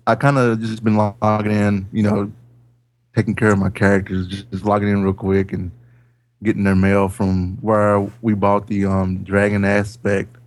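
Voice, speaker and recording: A man's voice: on the low side, completely flat delivery, moderate pace. A man co-hosting a gaming podcast, rambling and hesitant with many ums. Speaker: podcast co-host. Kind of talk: casual gaming podcast chat.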